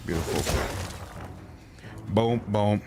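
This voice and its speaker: A man's voice: on the low side, slow, noisy background. A man streaming a role-playing game, chatting casually in a laid-back way and reading game text aloud. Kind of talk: casual gaming commentary. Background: faint game music.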